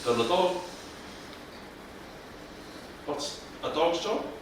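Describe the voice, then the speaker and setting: A man leading a mental health workshop, speaking in a colloquial, animated way and often questioning the audience. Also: on the high side, moderate pace. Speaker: workshop presenter. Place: room with live audience. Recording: echoey room, distant mic, faint noise.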